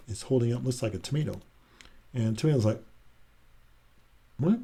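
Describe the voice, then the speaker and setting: A man's voice: mid-range voice, lively intonation, moderate pace, gravelly, long pauses, dark tone, husky. A man reading a children's picture book aloud in a casual, chatty way, adding asides between pages.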